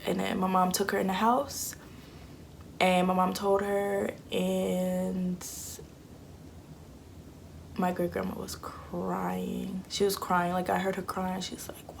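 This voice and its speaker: A woman's voice: medium pitch, a little slow, creaky, pauses often, fairly bright tone, slight background noise. A young woman, chatting candidly and acting out what people said. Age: 20s. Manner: candid and chatty, acts out quotes. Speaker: vlogger. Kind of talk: casual storytelling.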